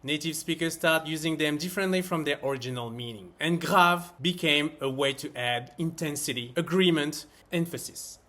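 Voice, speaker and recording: A man narrating a scripted French lesson, explaining everyday phrases with expressive emphasis. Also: fairly high pitch, moderate pace, few pauses. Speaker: French teacher.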